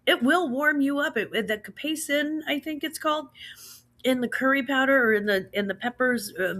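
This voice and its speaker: A talkative Midwestern American woman in her thirties hosts a laid-back livestream from home, reading the chat aloud. Her medium-pitched voice sounds bright and forward, and she keeps things loose and friendly, dropping slang like "girl" and "slaps" and laughing easily between comments.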